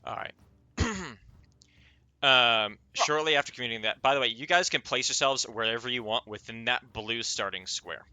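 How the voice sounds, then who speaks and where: A man narrating a tabletop game as game master, halting often with filler sounds as he goes. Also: mid-range voice, sharp tone, clear, resonant tone, no echo.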